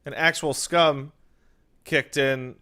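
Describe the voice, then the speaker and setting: A man's voice: medium pitch, fairly even intonation, takes it slowly, sharp tone. A young man hosting a casual podcast, tired and sleep-deprived, talking in a crude, joking, rambling way. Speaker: podcast host. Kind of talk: casual banter.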